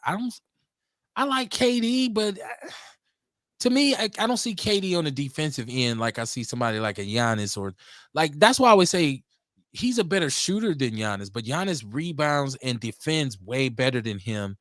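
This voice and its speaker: A man on a casual sports talk show, animated and joking, often repeating himself. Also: fairly high pitch, normal speed, dry recording, studio quality.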